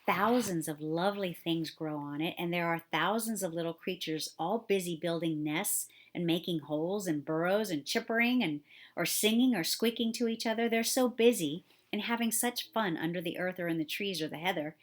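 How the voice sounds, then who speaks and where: A woman's voice: on the low side, moderate pace, natural voice. A woman voicing a blunt, stubborn young girl who talks eagerly about the moor. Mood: earnest. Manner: obstinate, eager.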